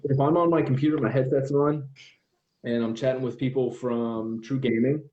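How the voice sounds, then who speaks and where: Casting: mellow-voiced young man, podcast guest, animated storyteller, slightly dull lo-fi sound. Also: mid-range voice, moderate pace. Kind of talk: casual chat.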